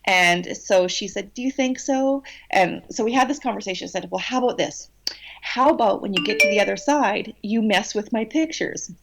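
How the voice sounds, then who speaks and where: Animated woman telling a personal story. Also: medium pitch, moderate pace, vocal fry, soft background music. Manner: animated, cheeky storytelling with many restarts. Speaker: guest channeler. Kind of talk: storytelling in a podcast interview.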